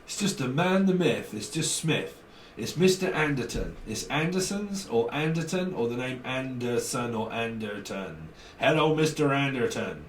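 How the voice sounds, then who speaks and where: A man's voice: mid-range voice, animated, moderate pace, distant mic, slight background noise. Man reading tarot in an echoey room. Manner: acts out exchanges with slang, laughs often, swears. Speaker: tarot reader. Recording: echoey room, voice a little off-mic.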